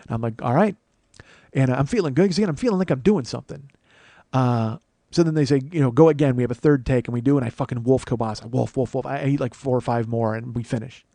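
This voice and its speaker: This comedian runs his own podcast and, speaking solo, spins a long, profane, self-mocking comic story that rambles on. His mid-range voice is fast, creaky, and dark, with no echo.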